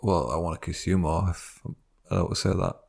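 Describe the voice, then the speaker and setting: A man's voice: low-pitched, fairly even intonation, normal speed, vocal fry, darkish tone. A man co-hosting a comedy podcast, making dry, laid-back quips in casual chat. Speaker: podcast co-host.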